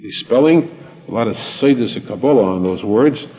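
A man delivers a Torah lesson at an unhurried pace, restating each point and mixing Hebrew words into his explanations. The recording is dull and lo-fi, with a long reverb trailing his voice and faint music underneath. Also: medium pitch, lively intonation. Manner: deliberate, repeats phrases for emphasis, with Hebrew and Yiddish terms. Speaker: rabbi teaching Torah. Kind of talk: Torah lecture.

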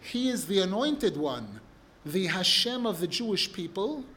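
A man's voice: high-pitched, very animated, a little slow, sharp tone. A man teaching a religious text class, who reads passages in Hebrew and then explains them with rising emphasis. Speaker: Torah teacher.

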